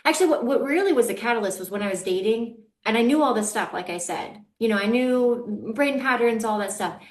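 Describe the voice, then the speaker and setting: A middle-aged woman dating coach talks candidly, emphatic and full of laughter. Her voice sits fairly high. The room around her rings with echo. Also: fairly quick. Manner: animated, emphatic, laughs often. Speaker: dating coach, podcast host. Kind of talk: candid conversational chat. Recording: echoey room.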